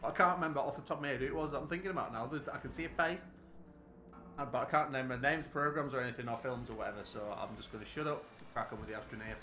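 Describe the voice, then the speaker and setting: Rambling British game streamer. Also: male voice, mid-range voice, racing. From United Kingdom. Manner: rambling, full of restarts and fillers. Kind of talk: casual chat while streaming a game. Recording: roomy echo, background noise.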